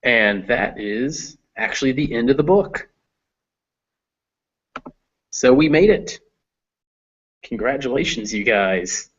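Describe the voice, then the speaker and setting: A man's voice: mid-range voice, lively intonation, slow, pauses often, breathy edge, muffled recording. A man tutoring a student in reading English, explaining patiently with many fillers. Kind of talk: one-on-one reading lesson.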